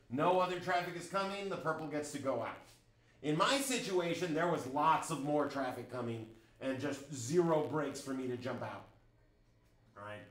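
A man's voice: mid-range voice, a bit bright, reverberant, rough recording. A middle-aged man teaching a driving class in a chatty, storytelling way, often checking in with the students. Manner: chatty, storytelling, frequent "right?" check-ins. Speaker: driving instructor. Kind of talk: classroom lecture.

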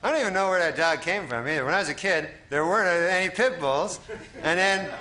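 A man from Canada doing a stand-up comedy set, deadpan and rambling with lots of fillers. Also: high voice, brisk. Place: TV studio stage. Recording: crowd laughter and noise of a TV studio audience.

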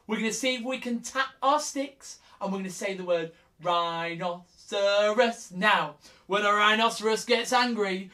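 Slow sing-song woman teaching kids. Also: medium pitch, fairly bright tone. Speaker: preschool music teacher. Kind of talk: interactive children's music lesson.

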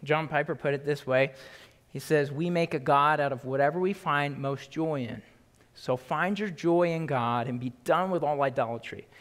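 A man's voice: fairly high pitch, moderate pace. A man teaching a Bible study in a casual, emphatic way, often checking in with "right?". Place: church sanctuary. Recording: long hall reverb.

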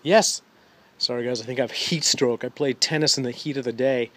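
A man's voice: medium pitch, fairly even intonation, a little fast, a bit bright. A middle-aged man doing a casual, enthusiastic unboxing at home, who keeps saying "you guys" to his viewers. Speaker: RC hobby vlogger.

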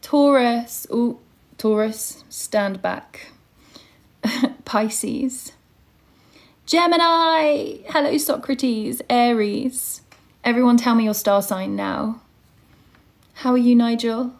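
A woman's voice: on the high side, fairly even intonation, slow, vocal fry, long pauses, darkish tone. A young woman hosting a casual livestream and teaching English online, greeting viewers by name and reading out their star signs.

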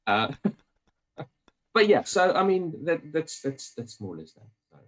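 A man's voice: a little high, very animated, a little slow, a bit bright, poor audio. A man with a South African accent, chatting at length as a podcast guest, rambling and often restarting his sentences. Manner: talkative and rambling, many restarts. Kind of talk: casual interview chat.

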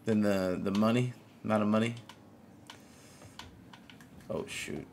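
A man streaming a game live, chatting casually with viewers, greeting them by name and reacting out loud to plays. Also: lowish voice, slow, creaky, a little hiss or hum.

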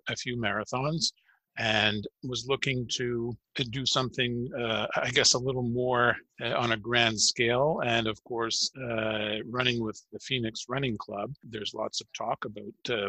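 Man with a bright, dry voice. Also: mid-range voice, no echo, low-quality recording. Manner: hesitant, many fillers. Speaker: interview guest, marathon runner. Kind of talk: casual interview. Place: lives in a large Canadian city.

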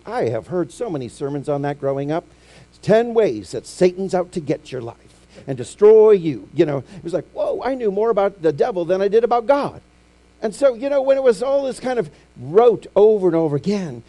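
A middle-aged male preacher delivers a storytelling sermon in a lively, sing-song voice that sits slightly high. His tone stays dark and mellow, and he moves easily between loud, acted-out lines and quiet, intimate moments. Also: fairly quick. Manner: animated storytelling preacher, acting out quotes with big swings from loud to hushed. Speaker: pastor.

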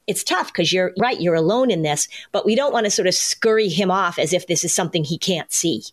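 A middle-aged woman hosts a parenting podcast and talks through advice in a relaxed, conversational way. She slips into quick acted lines for parents and children as she explains. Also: lowish voice. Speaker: podcast host, parenting anxiety expert. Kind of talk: casual advice podcast chat.

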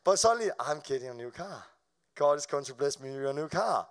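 A man preaching at a live event, telling a personal testimony in an animated, stop-start way, laughing often and repeating words as he goes. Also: a little high, fairly quick. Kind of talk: storytelling testimony. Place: live event before an audience.

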